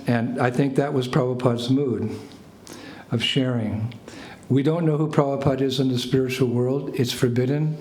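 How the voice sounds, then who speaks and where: An older American man, a spiritual teacher, telling a lively story to a small group. He laughs and acts out phrases as he goes. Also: mid-range voice. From United States. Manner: animated anecdotes, laughs, acts out French phrases. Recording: echoey room with faint ambient noise.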